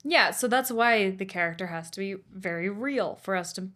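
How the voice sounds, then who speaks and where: A woman co-host with an ordinary middle-pitched voice, easygoing in conversation. She answers her partner with quick agreements and dry teasing remarks, then adds her own views on films. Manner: relaxed, short agreements and teasing asides. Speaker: podcast co-host. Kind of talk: casual chat about movies.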